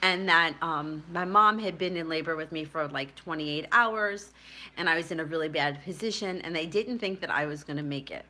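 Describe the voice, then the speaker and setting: A woman's voice: low voice, moderate pace, sharp tone. A middle-aged woman telling a personal story to camera in a chatty, rambling way, often laughing at herself. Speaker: tarot reader and spiritual vlogger.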